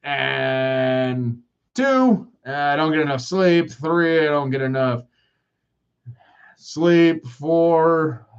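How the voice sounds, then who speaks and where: Speaking extremely slowly, a man in his forties with a fairly high, clean voice and lively intonation hosts a podcast alone. He rambles through profane rants that mock himself, and the recording sounds muffled.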